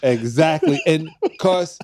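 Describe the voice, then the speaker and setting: A man in his fifties, a podcast guest, telling animated stories and acting out the voices of the people in them. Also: on the high side, slow pace, background noise. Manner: acts out quoted voices, laughs while telling stories. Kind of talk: animated storytelling in conversation.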